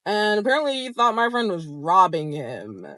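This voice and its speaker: A young adult vlogger telling a story straight to camera, animated and expressive, swearing often. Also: medium pitch, moderate pace, no echo. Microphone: camera framed close to the speaker.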